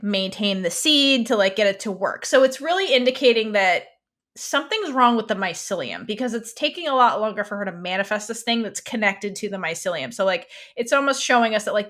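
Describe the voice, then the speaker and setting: Woman, podcast co-host, casual chat, rambling, animated, middle pitch. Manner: rambling, animated, many "like"s and restarts. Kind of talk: casual chat recapping a TV episode.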